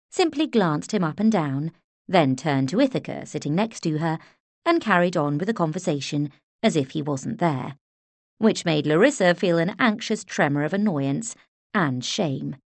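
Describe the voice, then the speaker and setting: A woman narrating an audiobook in a measured, expressive storytelling manner. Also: low voice, dry recording. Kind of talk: scripted narration.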